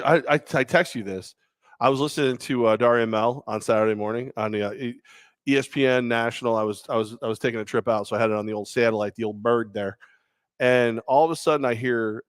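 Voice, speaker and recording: A man's voice: medium pitch, no echo, clean studio sound. A man co-hosting a sports talk show, joking and rambling with a self-mocking streak. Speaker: co-host. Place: radio studio.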